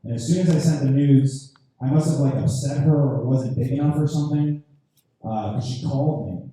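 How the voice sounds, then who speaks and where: Deadpan, halting man in an echoey lounge. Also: medium pitch. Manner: halting, deadpan, lots of fillers. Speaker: stand-up comedian at an open mic. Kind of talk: stand-up comedy set. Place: lounge comedy night, indoors. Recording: very echoey room from far off.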